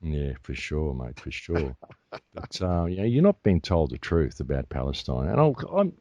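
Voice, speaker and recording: A low, mellow-toned man speaks as an interview guest. He talks in an emphatic, indignant rant. The sound is dry, with little room around it. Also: sing-song, moderate pace, no echo. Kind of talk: heated interview talk.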